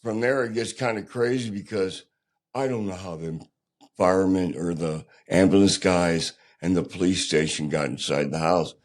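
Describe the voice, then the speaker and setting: An older man with a low voice appears as a podcast guest, telling his own story candidly. He speaks plainly, haltingly, and with a rough edge.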